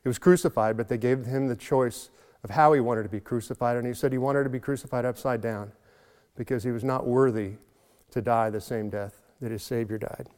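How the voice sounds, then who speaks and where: A man preaching a sermon in an earnest way, slowing down and building up for emphasis. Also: mid-range voice, steady tone, darkish tone, in a large hall. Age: adult, has a son. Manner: earnest, slows and swells for emphasis. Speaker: pastor.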